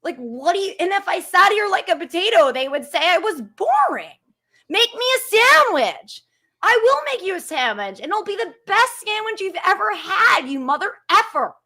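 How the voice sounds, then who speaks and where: A woman's voice: extremely high pitch, very animated, moderate pace, few pauses, sharp tone. Fired-up woman in her thirties ranting. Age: 30s. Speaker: guest. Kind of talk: heated live-stream chat.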